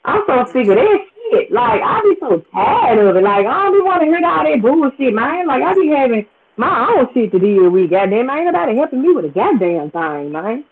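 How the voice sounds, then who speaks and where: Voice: high-pitched, big pitch swings, normal speed. Profane host on tinny audio. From Memphis, Tennessee. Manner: profane, emphatic, repetitive. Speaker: podcast host. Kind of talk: casual storytelling rant.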